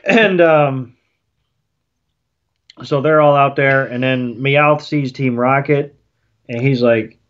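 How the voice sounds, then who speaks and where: A man's voice: medium pitch, takes it slowly, pauses often, a bit bright, muffled recording. A man co-hosting a podcast, recapping a cartoon episode plot in a rambling, casual way full of fillers. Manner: rambling storyteller with many fillers and restarts. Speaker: podcast co-host.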